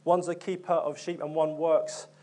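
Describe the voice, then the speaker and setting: Young male preacher, earnest, conversational delivery, slightly higher voice, plenty of fillers and restarts. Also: flat delivery, normal speed, darkish tone. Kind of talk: sermon.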